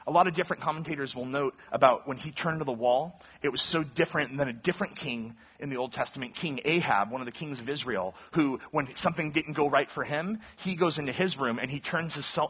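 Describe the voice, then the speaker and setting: A man's voice: mid-range voice, slightly rough. A man in his thirties, a pastor giving a conversational sermon that teaches from the Bible and acts out the lines he quotes. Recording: dull lo-fi sermon recording.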